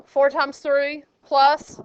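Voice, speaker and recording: A woman leads a math class in a high voice, joking with her students. She talks slowly and leaves room between her questions. The classroom recording sounds dull and lo-fi. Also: completely flat delivery. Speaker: math teacher. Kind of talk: classroom teaching.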